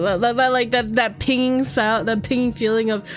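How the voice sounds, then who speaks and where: A woman's voice: a little high, fairly even intonation, brisk, soft background music. A young woman from Canada chatting casually on a livestream, rambling with lots of fillers and swearing freely. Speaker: streamer.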